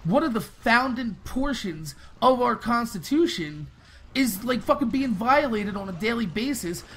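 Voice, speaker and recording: A young man hosting a gaming video, talking fast and rambling casually with lots of swearing. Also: extremely high pitch, animated, fairly bright tone, a little hiss or hum. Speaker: gaming channel host. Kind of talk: casual commentary over gameplay.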